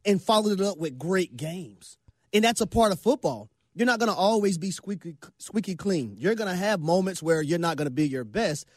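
A man with a notably high voice co-hosts sports talk radio in a studio. He drives his points home emphatically, repeats himself and leans on folksy sayings, all on a dry, close mic. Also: dry recording. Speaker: radio show co-host.

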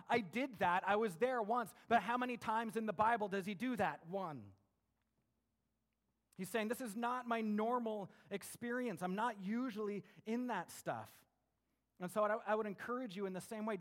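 A young adult man preaching a conversational sermon and reading scripture, animated, with big swings between loud and quiet. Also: sits high. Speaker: pastor.

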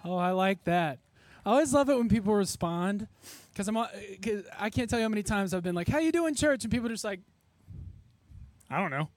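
A worship pastor from Texas gives a chatty, self-deprecating sermon to a church congregation, with many fillers and frequent laughs. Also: male voice, high voice, quick pace, a little mellow, no echo. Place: church service before a congregation.

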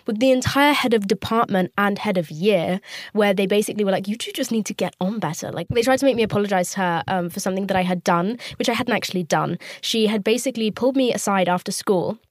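A woman in her twenties with a medium-pitched voice hosts a podcast from her parked car, yet the audio is studio quality with no room sound. She tells a candid, profane story in a chatty monologue, acting out the voices she quotes.

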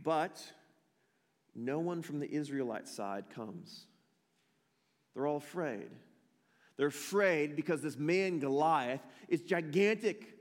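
Male pastor, high voice, emphatic storyteller who repeats lines for weight, long hall echo. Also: animated, slow pace, long pauses. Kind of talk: sermon.

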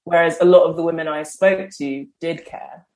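A woman's voice: low-pitched, normal speed, a little mellow. A woman with a London English accent, a guest chatting casually on a podcast, laughing often and using lots of fillers. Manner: giggly, chatty, many fillers. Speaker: guest writer.

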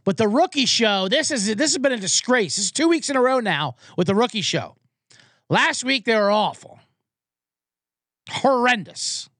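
A man's voice: extremely high pitch, expressive, moderate pace, fairly bright tone, no room sound, studio quality. A man hosting a comedy sports podcast, ranting with profanity and getting fired up. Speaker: podcast host.

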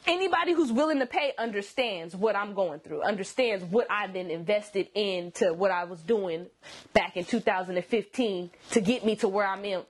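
A woman's voice: mid-range voice, normal speed. A young adult woman, a singer, talking as an interview guest in a casual, self-assured way, often laughing and slipping into sarcastic asides.

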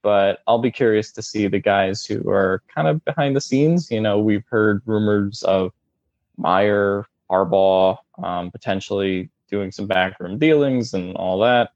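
Halting man on a muffled, dry line. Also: lowish voice, a little mellow, dry recording. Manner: halting, many fillers and restarts. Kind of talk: casual sports discussion. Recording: dull, muffled dry audio.

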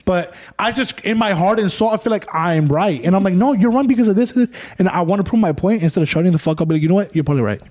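A man's voice: high voice, fast, hardly any pauses, darkish tone. A man on a podcast talking casually, blunt and self-mocking, with plenty of swearing. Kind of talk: casual chat.

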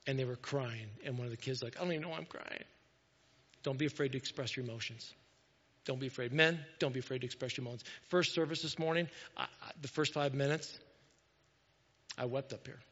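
A man preaching a sermon in a church, earnest and repetitive, moving between loud urging and quiet, hushed moments. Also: mid-range voice, steady tone, a little fast. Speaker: pastor. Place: church sanctuary. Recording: dull echoey church hall.

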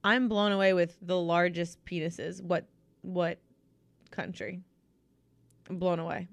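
A woman's voice: fairly low pitch, steady tone, a little slow, gravelly, no room sound. A young woman co-hosting a podcast in casual chat, teasing and giggly, reading out fun facts. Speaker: podcast co-host.

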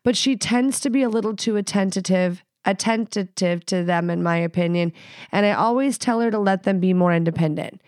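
Young woman podcaster, blunt and cussing, super smooth clear voice, dry close mic. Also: medium pitch, moderate pace, darkish tone, no echo. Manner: blunt, profane, playful. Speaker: podcast host. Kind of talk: casual sex advice podcast.

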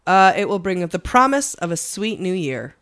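Low-voiced woman co-hosting a podcast. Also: very animated, normal speed, fairly bright tone. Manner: joking, profane, reads facts aloud. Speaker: podcast co-host. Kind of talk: casual chat.

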